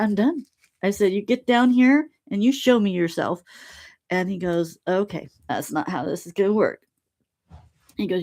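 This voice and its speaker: A woman hosting a live stream, chatting casually and acting out quoted exchanges with lots of laughter. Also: on the low side. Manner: animated storytelling, laughs often, acts out quoted exchanges.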